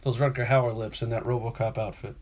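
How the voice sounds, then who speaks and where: A man rambles through stories in relaxed podcast chat. He backtracks often and jumps into loud voices for the people in his stories. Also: medium pitch, brisk, slight background noise. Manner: rambling storyteller, acts out quotes loudly. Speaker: podcast co-host. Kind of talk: casual chat.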